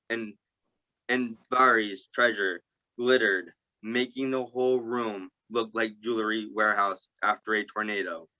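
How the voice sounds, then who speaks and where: Man reading aloud, halting, slow, bright tone, dull lo-fi recording. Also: mid-range voice. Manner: halting, stumbles over words and restarts. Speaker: group reader.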